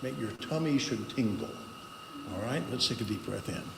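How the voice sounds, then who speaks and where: A man speaking to a congregation as a guest speaker, guiding a voice exercise with slow, paused instructions. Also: mid-range voice, animated, vocal fry. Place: spiritual center meeting hall. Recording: echoey hall with long reverb and background noise.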